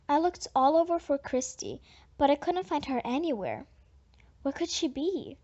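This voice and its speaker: A woman reading a children's audiobook in first person, in a plain, even way. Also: high voice, moderate pace. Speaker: audiobook reader. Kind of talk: first-person storybook narration. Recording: dull lo-fi audiobook recording.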